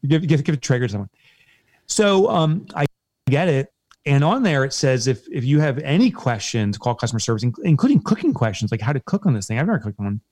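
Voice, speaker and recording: A man's voice: medium pitch, very animated, fast talker, darkish tone, no echo. A man co-hosting a casual business chat, telling an upbeat story with lots of energy. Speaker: business co-owner, podcast host.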